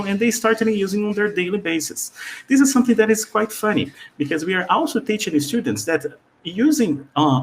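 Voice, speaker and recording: A man's voice: on the high side, slight background noise. A man whose first language is Portuguese, presenting a live teacher-training webinar over a video call, explaining step by step with frequent "all right?" check-ins and fillers. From Brazil.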